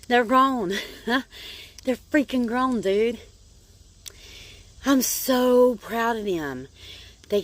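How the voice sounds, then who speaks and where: A woman's voice: on the high side, a bit bright. Chatty middle-aged woman rambling to viewers. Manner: rambling and chatty, drawn-out "like" and "um" fillers, addresses viewers as "y'all". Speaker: vlogger. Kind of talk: casual personal video diary.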